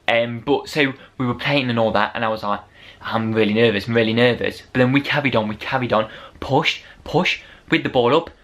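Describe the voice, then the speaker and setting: A man giving an unedited, casual match review as a football fan vlogger, rambling and excitable, rising to shouts over the goals. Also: medium pitch, fairly quick.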